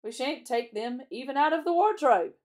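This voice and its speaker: A woman's voice: high voice, animated, normal speed, pitched above the performer's own voice. A woman reading aloud and voicing a sensible English schoolgirl, practical and a little complaining.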